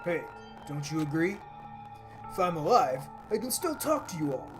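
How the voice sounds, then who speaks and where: Hearty boastful robot guy, loud and jovial, raised pitch, man voicing him over game music. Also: sing-song, normal speed. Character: boastful robot male team manager, hearty.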